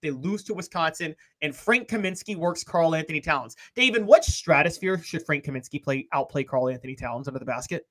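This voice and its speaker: A man's voice: a little high, expressive, a little fast, few pauses, fairly bright tone. A young man co-hosting a sports talk show, making his points in an emphatic, argumentative way.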